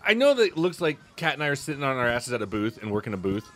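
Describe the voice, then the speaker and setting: A man's voice: mid-range voice, big pitch swings, fairly bright tone. A man co-hosting a podcast, telling stories in casual chat and acting out what people said. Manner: fast storytelling with quoted voices. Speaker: podcast co-host.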